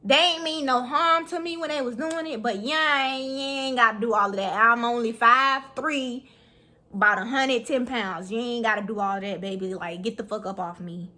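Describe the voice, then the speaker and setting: A young woman telling a story in a vlog, animated and profane, talking fast. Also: on the high side. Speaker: vlogger.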